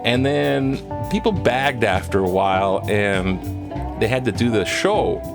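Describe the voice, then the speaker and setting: A man's voice: measured pace, gravelly, over music. A man from Hawaii chatting casually on his own, reacting to the news with laughs and asides. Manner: rambling, laughs often, jumps in pitch for exclamations. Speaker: host reading and reacting to news. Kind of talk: casual solo chat.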